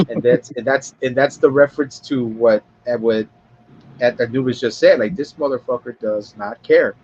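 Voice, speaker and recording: A man on a livestream podcast talks through a film scene in a loose, rambling way. He swears a lot and repeats words while he searches for them. His voice sits at an ordinary pitch and comes through dull and lo-fi. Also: normal speed, darkish tone, a little hiss or hum. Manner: rambling, profane, acts out scenes in high voices. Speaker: podcast co-host. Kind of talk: casual film review chat.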